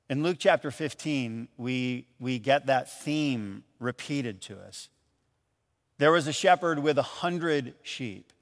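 A man from Michigan preaching a sermon as an animated storyteller, raising his voice when he calls out lines. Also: fairly high pitch, measured pace, in a large hall. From Michigan, USA. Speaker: pastor.

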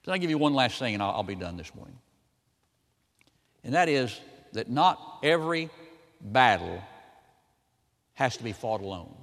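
A male pastor preaching a sermon, swinging between loud, emphatic lines and quiet ones. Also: mid-range voice, big pitch swings, normal speed, long pauses, in a large hall. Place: church sanctuary.

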